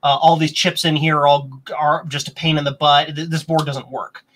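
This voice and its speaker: Chatty, excitable man with a bright voice. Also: moderate pace, slight background noise. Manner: rambling, chatty, reads viewer comments aloud; excitable, bursts into higher pitch. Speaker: host of a vintage computer stream. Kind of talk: casual live-stream chat.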